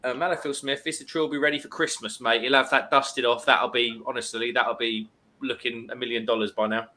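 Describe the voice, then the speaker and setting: A man's voice: mid-range voice, steady tone, a little fast, sharp tone. A man hosting a casual live stream, chattily reading out viewer comments and greeting people.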